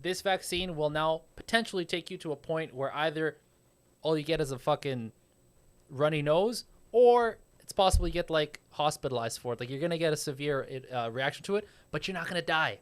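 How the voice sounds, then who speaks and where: A man's voice: on the high side, a little fast, clean tone. A man co-hosting a podcast in casual chat, explaining things emphatically and swearing a lot. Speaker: podcast co-host.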